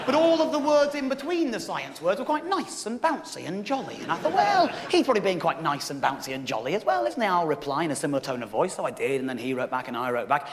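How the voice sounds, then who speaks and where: A man in his thirties from England, doing stand-up storytelling on stage and acting out dialogue with animated, rising outbursts. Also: quick pace, few pauses. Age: 30s. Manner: animated, acts out dialogue with rising shouty pitch. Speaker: stand-up comedian. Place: theatre stage with live audience. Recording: live hall with long reverb. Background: audience laughter.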